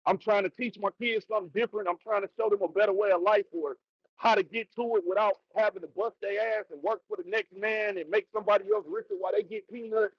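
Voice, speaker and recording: A man's voice: sits high, fairly even intonation, fast talker, slightly rough, no room sound, highs cut off. A middle-aged man with a Detroit accent, a rapper talking loosely and emphatically as an interview guest, cussing and calling people "bro". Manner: loose and emphatic, cusses, repeats "bro" and "you know what I'm saying". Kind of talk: casual interview chat.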